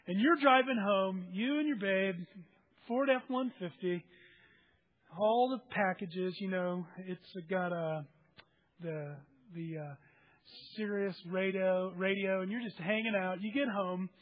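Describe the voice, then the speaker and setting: A man's voice: high-pitched, phone-quality sound. A man preaching a sermon, reading scripture aloud and explaining it with everyday examples. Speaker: pastor.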